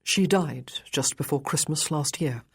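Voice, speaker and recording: A woman reading the part of a composed, reassuring nobleman in an audiobook, speaking slowly and evenly. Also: deep voice, vocal fry, breathy edge, heavily acted. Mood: calm. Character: composed, soothing aristocratic gentleman.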